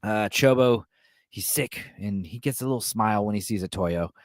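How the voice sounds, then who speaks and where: A man's voice: fairly low pitch, moderate pace, no echo, clean studio sound. A man hosting a podcast, retelling a film's plot in a casual, irreverent, joking way. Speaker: podcast host. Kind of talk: casual film recap.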